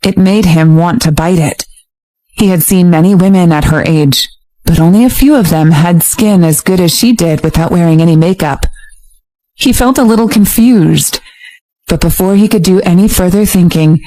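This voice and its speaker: A woman narrating a romance audiobook in a steady, even storytelling voice. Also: mid-range voice, normal speed, low-quality recording. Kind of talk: scripted narration.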